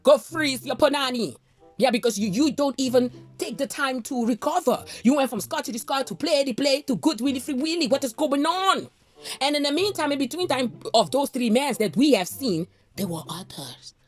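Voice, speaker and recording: High-voiced outspoken woman vlogger. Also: animated, normal speed, faint music behind. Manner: outspoken, indignant, exclaims "Lord have mercy". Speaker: commentary vlogger. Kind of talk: ranting gossip commentary.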